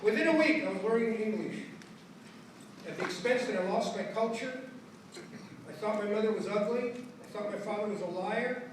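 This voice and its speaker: An older man giving a lecture, telling his life story in an animated way and acting out the people in it with Spanish phrases mixed in. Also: high-pitched, normal speed. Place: lecture hall. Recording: echoey hall from far off with background noise.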